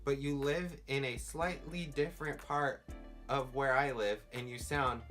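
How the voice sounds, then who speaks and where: Faint music runs behind a young vlogger with a Southern California accent who rambles casually and fills his speech with "like." He speaks unhurriedly at medium pitch, in a steady, fairly bright tone.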